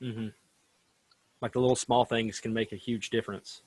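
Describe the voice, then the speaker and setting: Guy hosting a chat show, laid back, thinks out loud, mid-pitch voice. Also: normal speed, breathy edge, dry recording. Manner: relaxed, reflective, many hedges. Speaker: host. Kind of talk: casual chat.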